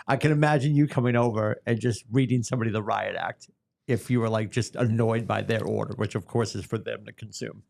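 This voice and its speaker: A man's voice: fairly low pitch, fairly even intonation, fairly quick, vocal fry, darkish tone. A man hosting a casual chat, teasing his guest with jokey asides. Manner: teasing, joking interjections. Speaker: host.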